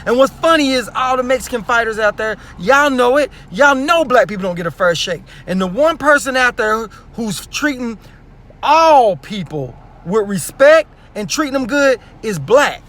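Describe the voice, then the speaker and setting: A sports commentary vlogger with a very high, fairly bright voice rants bluntly and profanely about boxing, firing off repeated rhetorical questions. His intonation is lively and his pace moderate. He speaks with a speech impediment.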